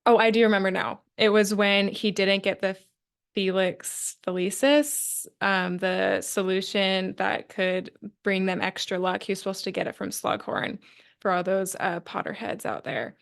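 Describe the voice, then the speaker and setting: A woman's voice: medium pitch, steady tone, measured pace, vocal fry, clear, resonant tone. A woman hosting a podcast, asking questions and reflecting earnestly in casual conversation. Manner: earnest, reflective, lots of fillers. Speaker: podcast host. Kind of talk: casual interview chat.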